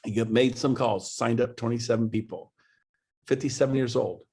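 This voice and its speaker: A man's voice: medium pitch, steady tone, moderate pace, darkish tone, breathy edge. A man coaching on a webinar video call, talking emphatically and pushing his listeners, often climbing into exclamations. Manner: emphatic, pushy, builds to exclaiming. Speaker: real estate coach. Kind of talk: motivational webinar talk.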